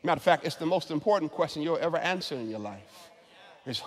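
A man preaching a sermon as pastor, often repeating words as he builds, and he rises into shouted climaxes. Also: a little high, animated, quick pace. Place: large church sanctuary. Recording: long church reverb.

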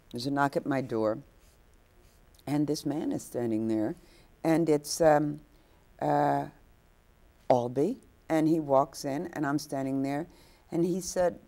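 At an inn overlooking the ocean, a guest actress with a low, creaky, dark-toned voice shares anecdotes hesitantly, full of fillers and restarts. She acts out the quotes as she tells her stories.

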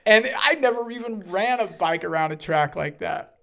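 A middle-aged man, a guest musician, telling stories in casual chat, acting out quotes with loud bursts and swearing freely. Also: sits high, expressive, moderate pace, creaky.

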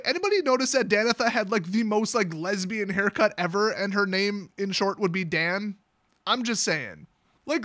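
A man's voice: high-pitched, bright, forceful tone, dry recording, clean studio sound. A man sarcastically retelling a fantasy story, with rambling, mocking asides. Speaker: channel host.

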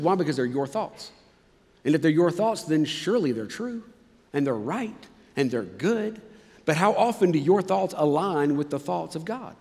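A male pastor giving a sermon in a conversational, emphatic way, dropping suddenly quiet at times. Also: fairly high pitch, expressive, moderate pace, in a large hall. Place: church sanctuary.

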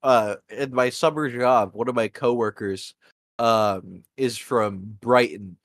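Halting man hosting a podcast, dry sound. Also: medium pitch, no room sound. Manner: halting, many fillers. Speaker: podcast host. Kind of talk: casual chat.

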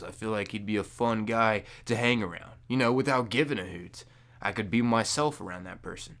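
A young man making a casual gaming vlog into a microphone, loose and jokey, with loud high-pitched bursts when he mocks people. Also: gravelly. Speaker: gaming YouTuber. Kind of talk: casual talking-to-camera vlog. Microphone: desk microphone.

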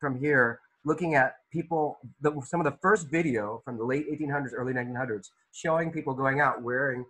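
A man's voice: medium pitch, fairly quick, hardly any pauses, sharp tone, husky, poor audio. A male art teacher leading an online class discussion, asking students questions by name, with loose, restart-filled phrasing. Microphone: video call.

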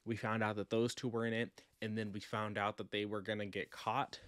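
A man recapping a book for his vlog in a casual, animated, sassy way, acting out quotes as he goes. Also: fairly low pitch, brisk, dry recording, studio quality. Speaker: book vlogger.

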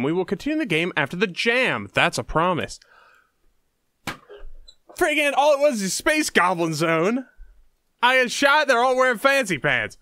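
A man giving excitable commentary on a horror game, yelping and shouting at scares. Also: high voice, moderate pace, pauses often, no echo. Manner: jumpy, yelps and shouts at scares. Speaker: let's play host.

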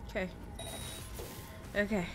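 A woman's voice: slow, faint music behind. A woman streaming a video game live, frustrated and swearing, repeating herself as she talks to her chat.

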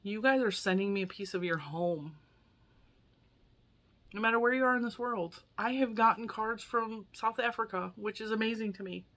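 A crochet YouTuber in her forties, from the United States, chats casually and emotionally while unboxing yarn gifts for her viewers, laughing often. She has a fairly high-pitched, fairly bright voice and talks at normal speed.

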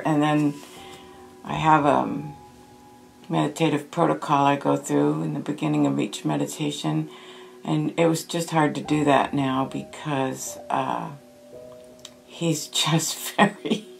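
A woman medium speaking in a low, gravelly voice, taking her time over each phrase. She talks in a hushed, thoughtful way through her meditation session. Faint music sits under her voice. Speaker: spirit medium.

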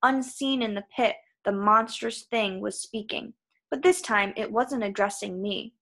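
Slow, even woman narrator. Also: mid-range voice. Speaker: audiobook reader. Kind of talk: audiobook narration.

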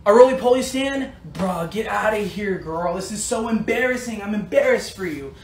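A man's voice: high-pitched, lively intonation, moderate pace, reverberant, a little hiss or hum. A man performing comedy POV skits, playing every part himself in a bratty, whiny, sarcastic teen-girl manner. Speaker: comedy skit creator.

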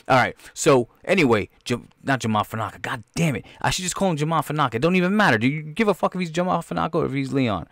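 A man hosting a podcast, riffing on a trailer with excitable, rambling, profane chatter. His voice sits at a middling pitch, with a dry, close sound and no room echo. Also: fast, few pauses. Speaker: podcast host. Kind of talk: casual movie trailer reaction.

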